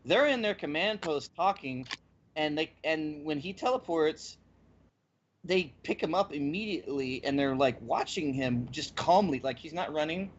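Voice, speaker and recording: A man hosting a podcast, recapping a story in casual chat with lively, stop-and-start storytelling. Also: a little high, normal speed, a little hiss or hum. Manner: animated storytelling with frequent restarts. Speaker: podcast host. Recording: slightly muffled lo-fi audio.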